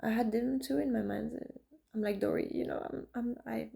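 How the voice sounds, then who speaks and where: A woman artist and vlogger in her thirties tells personal stories in a casual monologue, with many fillers and restarts. Her voice is on the high side, husky, gravelly, and dark in tone, steady, at a moderate pace.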